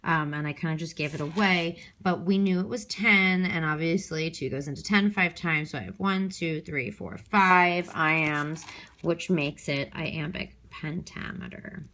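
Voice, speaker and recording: A woman's voice: low-pitched, unhurried, a bit bright, slight background noise. A woman teacher recording an extra help lesson on her handheld phone, thinking aloud step by step with many ums and okays.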